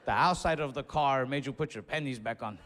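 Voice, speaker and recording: This young comedian speaks briskly in a mid-range voice, with some background noise and long hall reverb from the stage. His story is profane and loose, and he animatedly acts out other voices.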